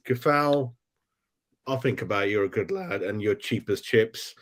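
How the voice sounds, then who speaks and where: A man's voice: lowish voice, normal speed. A man hosting a casual football fan chat, talking in blunt, slangy banter. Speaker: fan channel host.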